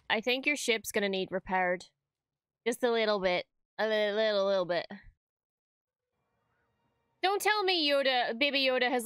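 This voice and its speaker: A young woman streamer reacting to a TV episode at home, talking casually and breaking into quick, excitable exclamations. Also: fairly high pitch, smooth, no room sound, studio quality. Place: home room, wrapped in a blanket.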